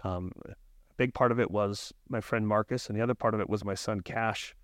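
A man's voice: fairly low pitch, fairly even intonation, a little fast, no room sound. Earnest man on a dry podcast mic. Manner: earnest, reflective, with frequent restarts. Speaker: podcast guest, life coach. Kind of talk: casual podcast conversation.

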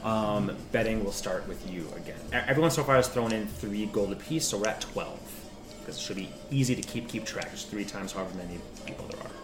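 A man narrating a tabletop game as game master, rambling and animated, with many restarts. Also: on the low side, fairly quick. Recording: roomy echo with music behind.

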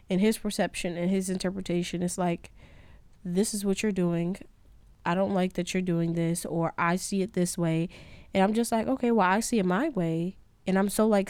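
A woman's voice: fairly low pitch, darkish tone, smooth, no echo. Candid young woman musing aloud. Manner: candid, rambling, self-critical. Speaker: podcast host. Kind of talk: casual reflective monologue.

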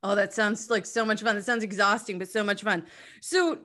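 A woman's voice: medium pitch, steady tone, moderate pace, a bit bright. A woman from the Northeastern US hosting a podcast, chatty, bubbly and enthusiastic, laughing often. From Northeastern USA. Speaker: podcast host. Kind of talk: casual podcast chat.

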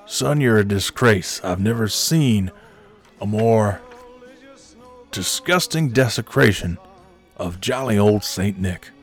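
A man voicing a gruff, crude older male boss who scolds in a raised, bossy voice. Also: on the low side, expressive, takes it slowly, long pauses, soft background music. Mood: gloating.

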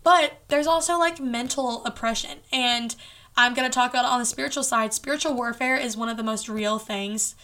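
Earnest woman podcast host, casual faith talk, higher bright voice, chatty fillers. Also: brisk.

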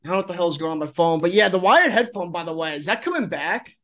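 A man with a high voice hosting a sports podcast. He rambles with plenty of restarts and swears freely, getting loud and excited in casual banter with his co-hosts. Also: fast talker. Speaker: podcast host.

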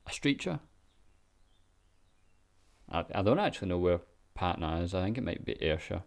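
A man's voice: sits low, very animated, moderate pace, gravelly. A Scottish man giving laid-back, sweary reaction commentary with lots of ums and chuckles. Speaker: vlogger.

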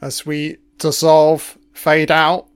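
A man talks his way through a film in a slow, drawn-out manner, swearing freely as he drops wry asides. His voice sits somewhat high for a man and comes through smooth and clean. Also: completely flat delivery. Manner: swears constantly, wry offhand remarks. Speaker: film commentator. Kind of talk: casual running film commentary.

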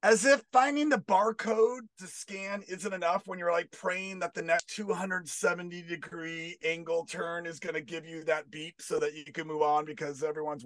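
Deadpan man in a dry room. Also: a little high, moderate pace, few pauses, no room sound. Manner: deadpan, rambling asides. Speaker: comedian. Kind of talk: stand-up comedy bit.

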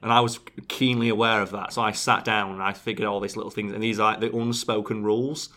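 Brief: young guy, casual podcast chatter, quick and animated, lowish pitch. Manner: fast, animated, jokey storyteller. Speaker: YouTube channel co-host.

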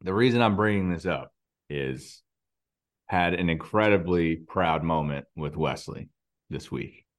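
Man in his thirties, podcast co-host. Low-pitched, casual storyteller, filler-heavy. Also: lively intonation, unhurried. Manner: storytelling, lots of likes. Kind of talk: casual chat.

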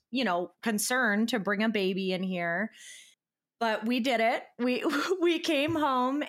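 A woman's voice: medium pitch, a bit bright. A woman co-hosting a casual podcast, talking in a reassuring way and laughing easily. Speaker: podcast co-host. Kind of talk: casual chat.

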